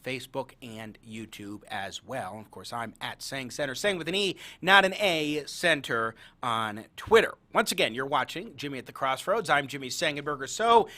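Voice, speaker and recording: A man's voice: mid-range voice, lively intonation, normal speed, hardly any pauses, pushed and bright. A man hosting his talk show, upbeat and promotional as he introduces a guest. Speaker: host.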